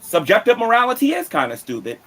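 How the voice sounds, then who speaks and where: A man's voice: very high voice, wildly swooping pitch, fast, a bit bright. A man ranting boastfully and taunting his critics, repeating himself. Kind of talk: boastful rant.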